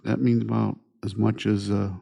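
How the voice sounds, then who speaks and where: A man hosting his own podcast, talking through his thoughts in an unhurried monologue and repeating his points through rhetorical questions. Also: lowish voice, little pitch movement, vocal fry, mellow. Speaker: podcast host. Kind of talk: reflective monologue.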